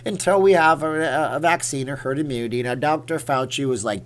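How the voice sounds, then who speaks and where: A man's voice: mid-range voice, expressive, normal speed, few pauses. A man hosting a casual livestream, chatting in a rambling, opinionated way while answering viewer comments. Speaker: livestream host.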